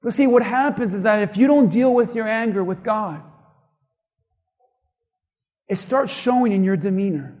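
A male pastor preaching a sermon, impassioned and emphatic, dropping to hushed tones at times, in a large church hall. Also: high-pitched, normal speed, long pauses. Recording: long reverb of a large hall.

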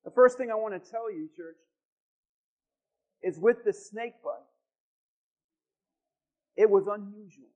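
High-voiced pastor preaching slowly. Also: male voice, a little mellow. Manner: emphatic repetition and rhetorical questions to the congregation. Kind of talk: sermon. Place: church. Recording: dull lo-fi sound.

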